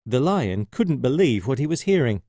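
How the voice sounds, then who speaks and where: A man reading a children's story aloud, slowly and expressively. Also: medium pitch, dry recording, studio quality. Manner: slow and expressive.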